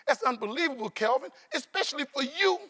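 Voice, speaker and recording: A woman's voice: high voice, expressive, brisk, sharp tone, voice pushed up. A man quoting a blunt, no-nonsense woman school counselor in his own voice, raised a little. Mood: scolding. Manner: blunt, scolding.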